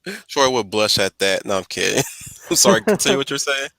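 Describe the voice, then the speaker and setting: A man's voice: mid-range voice, expressive, brisk, creaky, pushed and bright, no echo. A male host in casual chat, joking and self-deprecating.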